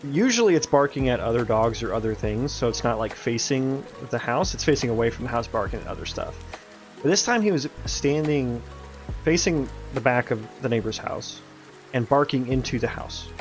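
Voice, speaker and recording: A young game developer streams his work, chatting casually as he codes. He's laid-back and rambling, swearing and laughing often. His medium-pitched voice is expressive at a moderate pace, with faint music behind.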